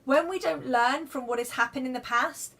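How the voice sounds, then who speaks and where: A woman's voice: sits high, moderate pace, creaky, a bit bright. A woman giving live card readings to viewers in a chatty, reassuring way, checking in often with "okay?" and "right?". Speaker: card reader.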